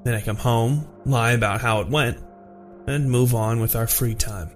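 A man voicing an adult male killer, reading out his confession in a slow, flat, measured way. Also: mid-range voice, close to an everyday voice. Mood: cold, detached. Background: music.

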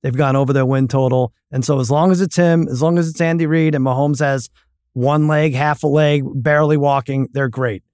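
A man's voice: medium pitch, fairly even intonation, a little fast, darkish tone, dry recording, studio quality. A man co-hosting a podcast, giving opinionated, chatty takes on football teams. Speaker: podcast co-host. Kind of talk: casual sports betting chat.

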